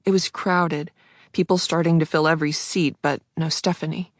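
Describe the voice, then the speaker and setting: Gravelly woman narrating a tense thriller. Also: low voice, steady tone, moderate pace, dry recording, clean studio sound. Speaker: audiobook narrator. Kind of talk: first-person thriller narration.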